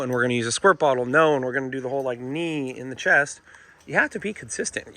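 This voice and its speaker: A man's voice: medium pitch, sharp tone, no room sound. A man who trains dogs, talking to viewers in a chatty, emphatic way and often calling them "folks". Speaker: dog trainer. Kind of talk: casual instructional vlog.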